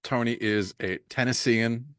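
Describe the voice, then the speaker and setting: A man hosts a casual podcast, ribbing his guest with easygoing banter and the odd curse. His voice sits at a middling pitch, recorded dry and close with no room sound. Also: measured pace, fairly bright tone, smooth, dry recording. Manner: teasing, profane, friendly banter. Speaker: podcast host.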